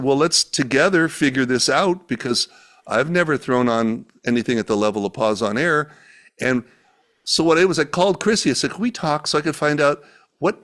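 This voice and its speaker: The guest, an event organizer from the United States, chats over video from his home and acts out quoted dialogue while telling a story. His voice is medium in pitch with a fairly bright tone.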